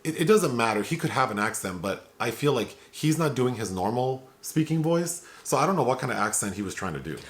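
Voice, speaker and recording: A man's voice: mid-range voice, big pitch swings, a little fast, hardly any pauses. A man hosting a film review podcast, chatting casually with fillers and laughter. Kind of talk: casual chat.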